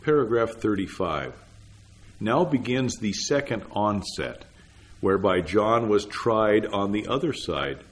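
Male reader for old sermon text, lowish voice, unhurried and deliberate. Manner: measured, deliberate reading. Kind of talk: read-aloud sermon text.

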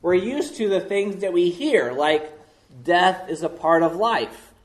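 A man preaching a sermon as pastor, slow and deliberate, leaning hard on key words. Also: high-pitched, animated, reverberant.

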